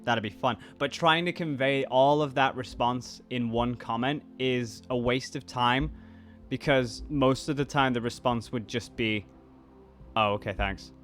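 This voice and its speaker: A man's voice: medium pitch, a little slow, fairly bright tone, soft background music. A man in his twenties with a mixed British and American accent, chatting casually and rambling through viewer comments as a YouTuber. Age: 20s. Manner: rambling, restarts sentences, reads comments aloud. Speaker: YouTuber and voice actor. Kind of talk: casual chat reacting to comments.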